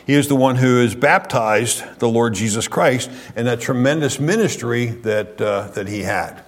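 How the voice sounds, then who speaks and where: A man preaching a conversational Bible lesson, folksy and halting, with frequent fillers and restarts. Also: medium pitch.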